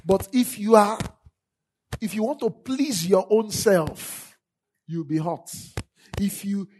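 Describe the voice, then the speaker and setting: A woman's voice: mid-range voice, warm tone, breathy edge. A woman preaching a sermon, leading call-and-response and repeating scripture lines for the congregation to echo.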